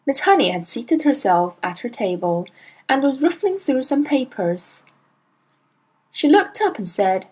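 A woman reading a children's storybook aloud in a measured, expressive way. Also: fairly high pitch, breathy edge, rough recording. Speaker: narrator.

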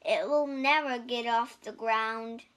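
A woman's voice: on the high side, slow pace, a bit bright. A woman voicing a fretful little male toad in a storybook reading.

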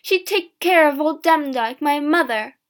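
A woman voicing an angry, red-faced mother in a storybook who shouts her demands from the doorway. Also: sits high, lively intonation, unhurried, pitched above the performer's own voice.

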